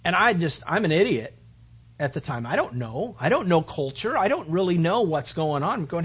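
A man's voice: sits high, sing-song, moderate pace, husky. A man preaching a conversational sermon, rambling casually and peppering his talk with "you know" and "man". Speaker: pastor. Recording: dull lo-fi recording.

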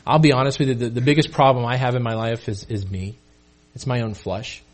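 A man's voice: medium pitch, fairly even intonation, fairly quick. A male pastor delivering a sermon in a casual, conversational way, often repeating and restarting words.

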